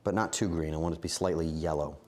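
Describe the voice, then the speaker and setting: In a fast, bass voice with a slightly mellow quality, a man live-streams himself cooking in his home kitchen. He chats to viewers in a rambling, self-mocking style, occasionally flaring into mock outrage.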